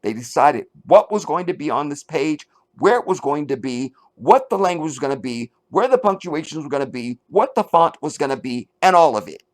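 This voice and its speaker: Sarcastic, animated man ranting. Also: fairly high pitch, a little fast, hardly any pauses. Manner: mocking, animated, swings from loud to muttered. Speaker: commentary channel host. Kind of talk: sarcastic commentary reading an article.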